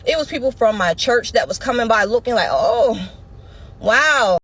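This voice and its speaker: A woman's voice: a little high, quick pace, no echo. A woman in her thirties telling a personal story with dramatic slang, talking straight to her listeners. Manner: breathless, dramatic retelling with slang and direct address. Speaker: storyteller in a clip being reacted to.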